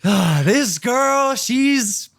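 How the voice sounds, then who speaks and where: A man in his twenties, a podcast co-host, telling a story in casual chat, animated and laughing, loudly acting out the people in it. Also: very high-pitched, extremely slow, no room sound, clean studio sound.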